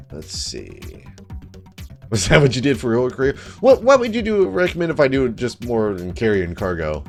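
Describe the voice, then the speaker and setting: A man's voice: medium pitch, huge pitch swings, normal speed, faint music behind. A man casually commenting on a game and reading its text aloud, profane and self-mocking. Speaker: let's play host.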